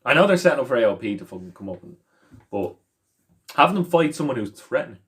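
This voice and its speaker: A man talks quickly through casual podcast chat, sentences tumbling over each other as he rambles and restarts. He swears often and keeps an ordinary, mid-range voice. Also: medium pitch, sing-song. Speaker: podcast co-host.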